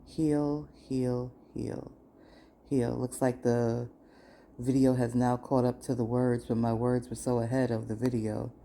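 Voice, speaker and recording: A woman's voice: rumbling low, little pitch movement, normal speed, mellow. A woman podcast host giving an emphatic, repetitive motivational spiritual monologue. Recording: noisy screen recording.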